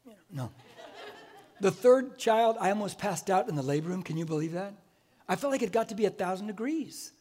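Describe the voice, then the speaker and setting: A man in his sixties with a very high voice preaches to his church. He tells stories with a lot of life and acts out the people in them. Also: fairly quick. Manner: animated storytelling, acts out voices. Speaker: pastor. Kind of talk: sermon. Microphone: wearing a mic.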